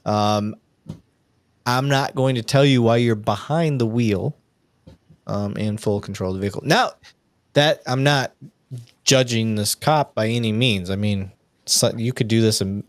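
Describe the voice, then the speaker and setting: A man's voice: on the low side, unhurried, dry recording. A man hosting a live show, a police officer talking casually, with frequent ums and restarts. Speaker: podcast host, police officer. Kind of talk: casual livestream commentary.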